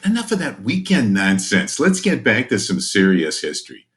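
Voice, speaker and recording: A man's voice: fairly low pitch, wildly swooping pitch, normal speed, a bit bright. A man teaching a recorded history lecture to students, folksy and conversational, with jokey asides.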